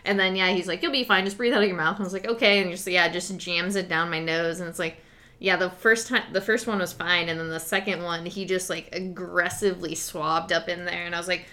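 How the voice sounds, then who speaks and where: Woman, podcast co-host, casual chat, lowish pitch, bright tone, giggly. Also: steady tone, fairly quick. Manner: giggly, laughs often between lines; loose, swearing.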